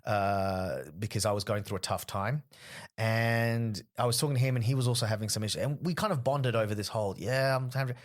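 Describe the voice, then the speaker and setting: A man in his thirties with an Australian accent, a comedian chatting as a podcast guest and telling stories with lively acted-out quotes. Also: on the low side, brisk. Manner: animated storyteller who acts out quoted people. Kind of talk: casual chat.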